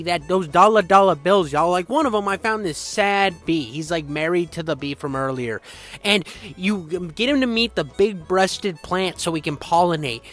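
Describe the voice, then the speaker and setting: A young man giving an excitable, crude, slang-filled game retrospective in casual rambling style. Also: sits high. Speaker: game reviewer.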